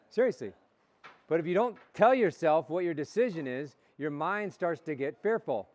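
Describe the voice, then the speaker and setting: A man's voice: on the high side, lively intonation, fairly quick, darkish tone. A man coaching young baseball players in a motivational talk, asking questions and repeating the answers back. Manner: call-and-response, asks questions and repeats answers. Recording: dull lo-fi recording.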